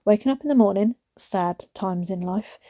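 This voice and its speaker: A warm, medium-pitched voice at a moderate pace belongs to a British woman in her thirties who vlogs casually to her phone camera while decluttering her small home. She rambles and regularly drops to a whisper. The sound is clean studio quality with no room sound.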